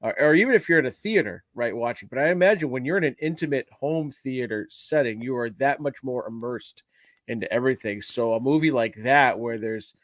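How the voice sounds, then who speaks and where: A man with a mid-pitched voice muses thoughtfully in casual conversation. The sound is dry and close. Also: fairly quick, no room sound. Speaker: guest. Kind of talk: casual chat.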